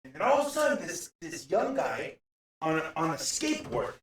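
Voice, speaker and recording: Animated man telling a street story. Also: on the high side, moderate pace, noisy background. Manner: animated storyteller acting out quotes, swears freely. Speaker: co-host. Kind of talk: casual storytelling chat.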